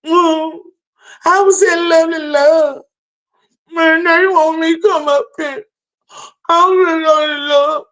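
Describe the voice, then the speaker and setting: A woman's voice: very high voice, fairly even intonation, takes it slowly, long pauses, fairly bright tone, voice pushed up, full character voice, low-quality recording. A woman mockingly voicing a grown man who whines and cries over love, in a wailing, mock-crying voice. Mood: whining.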